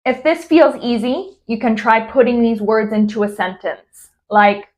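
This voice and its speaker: Slow, precise woman speech coach. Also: fairly high pitch. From California. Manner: slow, over-articulated, modeling drills. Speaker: speech therapist. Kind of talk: instructional exercise guide.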